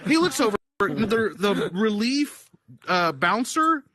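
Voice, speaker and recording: Bright-voiced man telling a wild story. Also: high voice, unhurried, no echo. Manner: animated, profane, laughing storyteller. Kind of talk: casual storytelling. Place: virtual-world chat session.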